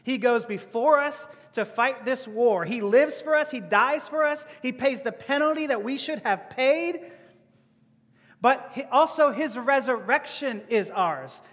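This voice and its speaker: A man's voice: very high voice, lively intonation, a little slow, fairly bright tone. A man preaching a sermon as pastor, conversational, with rhetorical questions and laughing asides. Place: church hall. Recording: long hall reverb.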